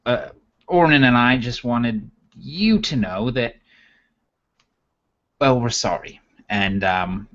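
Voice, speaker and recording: A man's voice: lowish voice, fairly bright tone. A man voicing a polite, apologetic little companion who speaks hesitantly, on a muffled recording.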